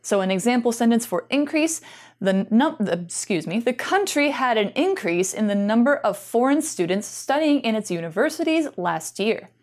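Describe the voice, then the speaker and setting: A woman's voice: on the high side, very animated, moderate pace. A woman teaching English vocabulary, explaining patiently with casual fillers. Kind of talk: explaining vocabulary in a bilingual lesson.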